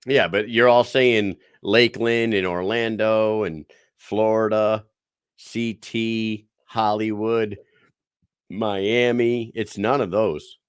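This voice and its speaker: A man with a lowish voice co-hosts a podcast and tells a bar story with lots of swearing. His voice is recorded dry and close, with no room sound. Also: slow pace, clear, resonant tone, dry recording. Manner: profane, animated storyteller. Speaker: podcast co-host. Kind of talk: casual podcast chat.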